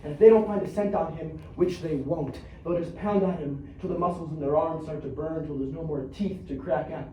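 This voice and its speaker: A man's voice: fairly high pitch, brisk, hardly any pauses, mellow, slight background noise, close to an everyday voice. An actor on a theater stage playing a streetwise young man who believes he is Batman, talking in slang and acting out fights with sound effects. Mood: brooding. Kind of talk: theatrical monologue. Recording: echoey stage recorded from far off.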